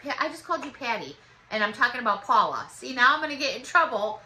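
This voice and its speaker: A woman's voice: on the high side, animated, fast talker, low-quality recording. A woman in her fifties chatting casually and gratefully as she opens fan mail. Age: 50s. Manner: warm, gushing, chatty and thankful. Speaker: vlogger opening fan mail. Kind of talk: casual chat.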